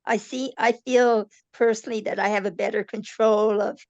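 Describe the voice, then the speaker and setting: A woman patient thoughtfully sharing her experience in a casual group chat, pausing as she finds words. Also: mid-range voice, fairly even intonation, a little mellow, dry recording. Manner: thoughtful, halting. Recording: dull dry lo-fi sound.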